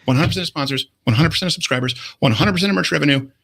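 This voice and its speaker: A man from Canada, a guest on a talk show, speaking in a quick, emphatic and punchy way. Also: a little high, creaky, a bit bright. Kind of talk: podcast conversation.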